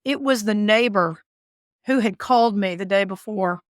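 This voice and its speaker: A woman guest recounts her experience with animated, expressive storytelling and frequent laughter. Her voice sits at a middle pitch. The sound is dry and close, with no room echo. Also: moderate pace. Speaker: guest, author and former caregiver. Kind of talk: storytelling interview.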